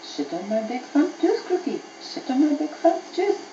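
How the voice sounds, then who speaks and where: A woman's voice: sits high, big pitch swings, moderate pace, warm tone, echoey room, dull audio, slight background noise, voice pushed up. A woman voicing a big, sly male dragon, lazy and cunning, in a bedtime story on an old cassette tape.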